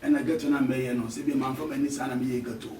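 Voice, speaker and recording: A Ghanaian man bantering loudly in a comedy skit, laughing often. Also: medium pitch, level tone, racing. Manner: loud, boisterous pidgin banter, laughing often. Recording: echoey room from far off, faint noise.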